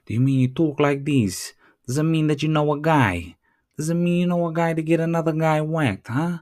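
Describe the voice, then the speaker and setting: A man voicing a swaggering male mafioso tough guy in a higher, taunting put-on voice. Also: moderate pace, darkish tone, close to an everyday voice.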